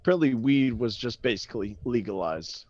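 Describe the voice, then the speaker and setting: A man's voice: mid-range voice, animated, brisk, darkish tone, no echo. Man, podcast co-host, casual chat, profane, laughing, dry muffled recording. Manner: loose and profane, laughs often.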